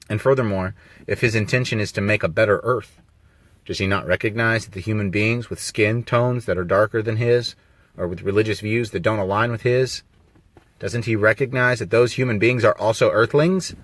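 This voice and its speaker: A man's voice: on the low side, moderate pace, fairly bright tone, dry recording. A man talking on a live video stream, rambling and emphatic, full of rhetorical questions. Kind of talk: casual live-stream monologue. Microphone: phone on a mobile signal.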